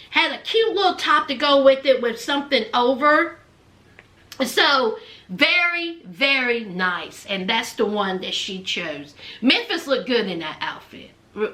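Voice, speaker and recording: A woman recapping a reality show in casual chat, animated, calling listeners honey and child and acting out what people said. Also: high-pitched, roomy sound. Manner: animated, says honey and child, acts out quotes.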